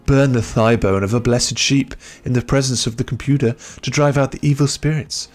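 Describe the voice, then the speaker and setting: A man's voice: mid-range voice, fairly even intonation, normal speed, darkish tone, lightly acted. A man reading out an email as an earnest new-age hippie woman customer, in a mild put-on hippie voice.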